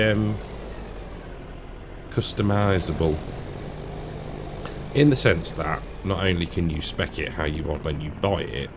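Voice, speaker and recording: A man's voice: low-pitched, noisy background. A man from England giving casual, rambling commentary while playing a farming game, chatty and self-deprecating. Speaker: gaming channel host. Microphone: desk mic with headphones.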